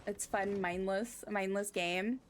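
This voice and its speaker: A woman streaming a game, chatting casually with her viewers and getting excited over her wins. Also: mid-range voice, slow pace, a little hiss or hum. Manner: chatty and excitable, squealing with delight. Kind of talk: casual live-stream chat while gaming.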